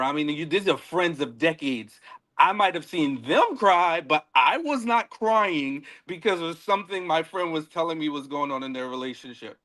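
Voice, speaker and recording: Animated bright-voiced man recapping with laughter. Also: a little high. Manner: animated, laughs often, repeats words. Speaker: podcast co-host. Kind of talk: casual reality-show recap chat.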